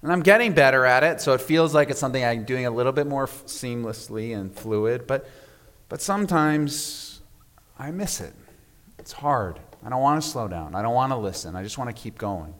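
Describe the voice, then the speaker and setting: A man's voice: medium pitch, lively intonation. Reflective male pastor in a reverberant hall. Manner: measured and reflective, often dropping to a soft hush at phrase ends. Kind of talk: sermon. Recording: long reverb of a large hall.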